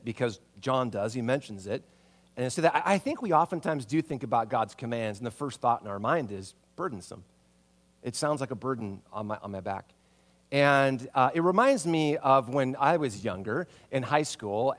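A man preaching a sermon as pastor in a church, conversational and animated, tossing out rhetorical questions and checking in with listeners. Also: mid-range voice. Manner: conversational, full of rhetorical questions and tag "right?"; animated, acts out reactions.

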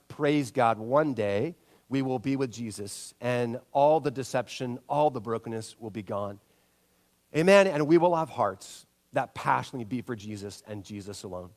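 A middle-aged man preaching a sermon, telling stories and acting out the people in them with big jumps in his voice. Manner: animated storytelling, acts out quotes with big pitch jumps. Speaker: pastor.

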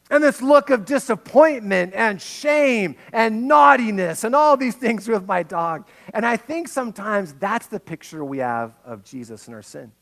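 A man preaching a sermon as pastor, telling stories with big swings between hushed and loud. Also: very high voice, expressive, moderate pace, gravelly, hardly any pauses.

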